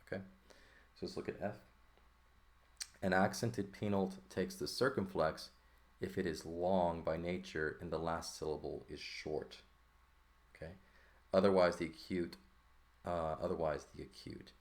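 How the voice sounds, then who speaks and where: A man's voice: sits low, fairly even intonation, unhurried. A man teaching a lesson, explaining step by step at a board and often checking in with the listener. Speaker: Greek teacher.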